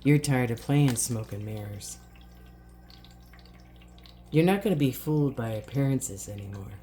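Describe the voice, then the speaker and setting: A woman's voice: a bass voice, animated, unhurried, warm tone, a little hiss or hum. A woman giving an encouraging spoken card reading, talking straight to her viewers and often checking in with "all right?". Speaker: spiritual card reader.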